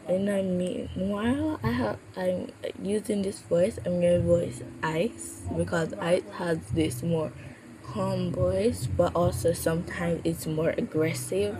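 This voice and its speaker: A woman's voice: fairly low pitch, takes it slowly. A woman puppeteer chatting casually, with a sore throat from a cold and stumbling over her words. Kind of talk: casual chat. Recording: steady background noise.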